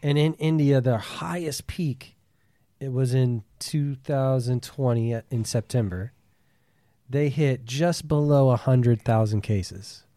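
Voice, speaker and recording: A man co-hosting a podcast in casual chat, talking haltingly with fillers. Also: medium pitch, dark tone, dry recording. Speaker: podcast co-host.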